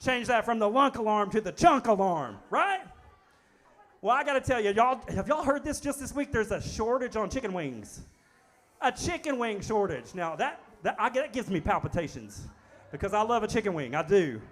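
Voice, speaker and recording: A man's voice: sits high, very animated, normal speed, fairly bright tone. A man appearing as a guest in a coffee shop, telling jokes and laughing at his own lines. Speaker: guest performer. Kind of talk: stand-up style joking.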